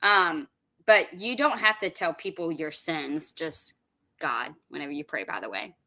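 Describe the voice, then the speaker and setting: Bright-voiced laughing woman. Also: low voice, animated, a little slow. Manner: laughing, amused, casual cursing. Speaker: streamer reacting. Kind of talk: casual chat.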